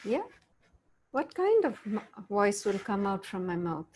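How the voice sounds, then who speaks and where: A woman's voice: medium pitch, big pitch swings, measured pace, darkish tone, a little hiss or hum. A middle-aged woman leading an interactive online talk. She keeps asking the audience questions and acts out different tones of voice. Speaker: workshop facilitator.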